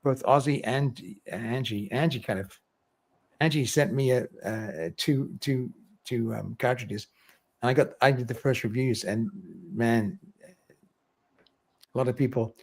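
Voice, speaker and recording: A man's voice: mid-range voice, a little slow, vocal fry. A man hosting a casual livestream, reading viewer comments aloud and laughing often. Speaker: livestream host.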